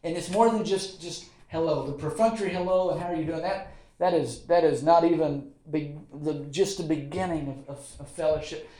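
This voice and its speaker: A Southern US pastor preaching to his congregation in a high, tenor-leaning voice. He talks in a folksy way, repeating lines for weight and slipping in quick asides. The sound carries the roomy echo of a church hall. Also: warm tone. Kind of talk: sermon. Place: church sanctuary.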